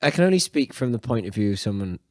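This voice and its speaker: A Welsh man hosting a podcast, chatting in an animated way. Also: mid-range voice, fast talker, no room sound, clean studio sound. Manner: animated, jumps into mocking voices. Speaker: podcast host. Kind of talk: casual podcast chat.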